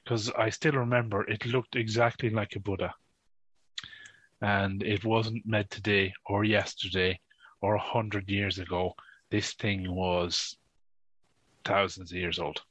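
A man's voice: fairly low pitch, flat delivery, a little slow, a bit bright, breathy edge, dry recording. Irish man telling a rambling story. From northwest Ireland. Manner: rambling storyteller, laughs often. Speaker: podcast guest. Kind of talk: casual chat. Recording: dull, dry lo-fi sound.

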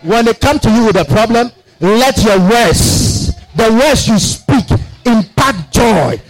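A man preaching a sermon in a church, swinging from shouted declarations to quiet asides. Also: very high-pitched, animated, takes it slowly, faint music behind, poor audio. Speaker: pastor. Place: church sanctuary.

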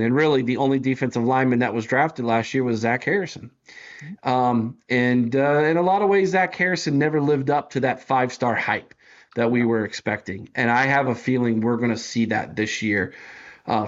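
A man co-hosts a casual sports podcast and walks through the roster one name at a time, now and then tripping over a tricky one. His voice sits at a middling pitch. The recording sounds dull and a bit lo-fi. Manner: talks through player lineups, stumbling over names. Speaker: podcast co-host.

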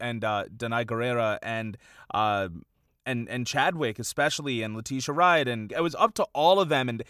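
A man co-hosting a podcast in a relaxed, conversational way. He rambles through his points, leaning on "like" and "you know" as he goes. His voice sits at an ordinary male pitch and sounds dry and close, with no room around it. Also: no room sound. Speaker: podcast co-host. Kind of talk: casual podcast chat.

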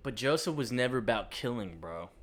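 A man's voice: medium pitch, expressive, a little fast. A man co-hosting a casual podcast, recapping a TV episode and mocking his partner's theories. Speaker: podcast co-host.

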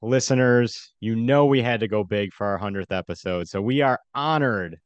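A man's voice: lowish voice, moderate pace, no echo, dull audio. A young man hosting a casual sports podcast, upbeat and chatty, laughing often. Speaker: podcast host.

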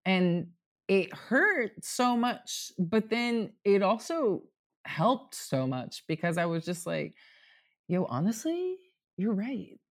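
A man in his thirties speaks slowly in a high-pitched, fairly bright voice with lively intonation. As a guest recorded in his home apartment, he opens up at length in a casual, heartfelt way, rambling with plenty of "like" and casual swearing.

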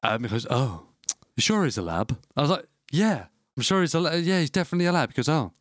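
Podcast co-host, chatty storyteller, laughs a lot, dry close sound. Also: male voice, a little high, lively intonation, fast, dry recording. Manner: laughing storyteller, swears freely. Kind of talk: casual chat.

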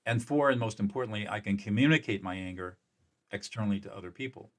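A man who works as a mediator, explaining in an interview in an energetic, emphatic way, often restarting and repeating words. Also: lowish voice, quick pace. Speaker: mediator and peacemaker.

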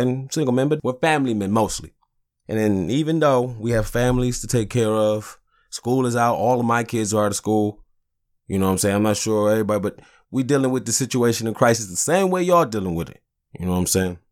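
Angry, profane man ranting on a podcast. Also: lowish voice. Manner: angry, profane, heated, frequent "you know what I'm saying". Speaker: podcast host. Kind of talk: casual podcast rant.

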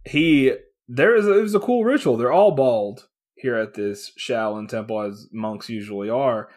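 A man's voice: mid-range voice, normal speed, a little mellow. A man co-hosting a podcast, chatting casually about a comic book, swearing, laughing often and acting out the characters' lines. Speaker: podcast co-host.

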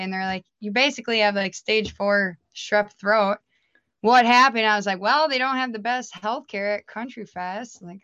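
A woman's voice: mid-range voice, fairly bright tone, clean tone, no echo. A woman telling blunt, wry stories in casual chat. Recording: dull lo-fi sound.

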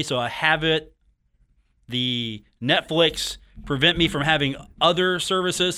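A man's voice: fairly high pitch, bright, forceful tone, clear, resonant tone. A man hosting a sports radio show in a studio, talking in a joking, teasing, rambling way. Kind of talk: casual sports talk radio monologue.

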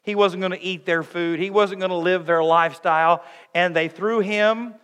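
A man preaching a sermon, emphatic, moving between raised passages and hushed ones. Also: high voice, steady tone, normal speed, smooth, big-room sound. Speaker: pastor.

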